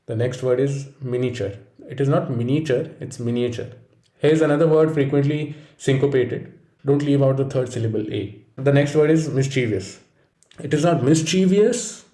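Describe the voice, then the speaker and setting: A man's voice: medium pitch, normal speed, mellow, echoey room. Man narrating a pronunciation lesson. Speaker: pronunciation teacher. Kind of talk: scripted instructional narration.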